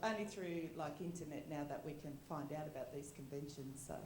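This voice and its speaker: Woman, fan at a Q&A; giggly, rambling, slightly low voice, roomy echo. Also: brisk, a little mellow, a little hiss or hum. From Australia. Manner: giggly, rambling, many fillers. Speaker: fan asking a question. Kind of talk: casual convention Q&A. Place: convention hall audience mic. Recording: echoey hall.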